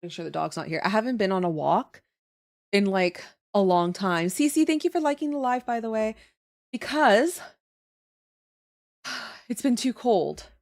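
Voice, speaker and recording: A woman's voice: medium pitch, a little slow, pauses often. A woman streamer, out of breath, chatting casually and thinking aloud while she draws on a livestream. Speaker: streamer drawing emotes.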